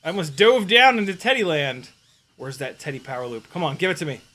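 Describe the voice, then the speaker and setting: A man chatting casually while flying a drone on a live stream, excitable, laughing and swearing, talking to his dog. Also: fairly high pitch, quick pace. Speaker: FPV drone pilot and streamer.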